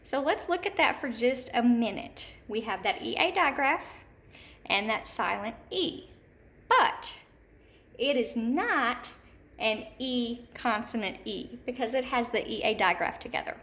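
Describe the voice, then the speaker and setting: Woman teacher, slightly high voice, slow careful phonics lesson for kids. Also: lively intonation, bright, forceful tone. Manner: slow, deliberate, repeats words clearly; speaks to young children, checks with "okay?". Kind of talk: recorded remote phonics lesson.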